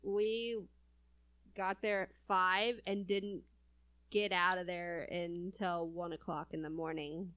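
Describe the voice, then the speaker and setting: Slow-talking woman in her thirties. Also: on the low side, flat delivery, fairly bright tone, clean tone. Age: 30s. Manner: laughs often, chatty and self-mocking. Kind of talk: casual chat.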